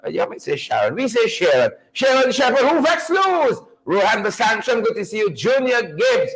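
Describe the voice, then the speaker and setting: Guyanese male host, high-pitched and very animated, calls out viewers one by one. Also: moderate pace, rough recording. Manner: animated, playful, repeats phrases for emphasis. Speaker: livestream show host. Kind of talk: lively livestream welcome, greeting viewers by name.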